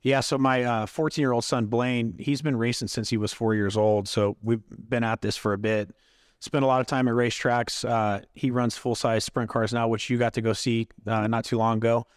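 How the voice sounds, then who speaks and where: A man in his thirties or forties, a podcast guest answering in a relaxed way with many filler uhs. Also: medium pitch, moderate pace, smooth, dry recording, studio quality. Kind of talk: casual interview answers.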